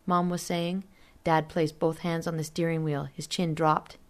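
A woman reading a story aloud as narrator in a steady, measured way. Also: sits low. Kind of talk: audiobook narration.

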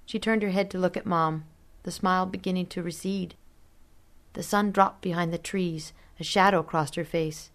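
A woman reading a story aloud as narrator in a steady, measured way. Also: on the low side. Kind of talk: audiobook narration.

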